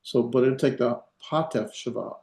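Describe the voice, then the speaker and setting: The speaker, a Hebrew instructor, has a medium-pitched, darkish voice and a moderate pace. He teaches the class gradually, with plenty of fillers and frequent checks on whether his students follow, all in an echoey room.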